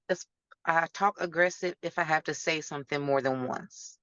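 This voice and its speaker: A woman's voice: deep voice, moderate pace, fairly bright tone, no echo. Straight-shooting woman guest, frank and direct, on a dull, dry lo-fi track. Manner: blunt, straight-talking. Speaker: interview guest. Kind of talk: candid interview talk. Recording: dull lo-fi sound.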